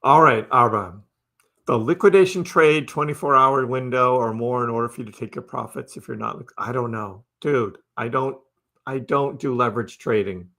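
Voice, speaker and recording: Male live stream host with a mid-range voice, relaxed and chatty, answers chat comments as they come in, laughs easily. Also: medium pitch, normal speed. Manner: chatty and laid-back, laughs often, talks to chat by name.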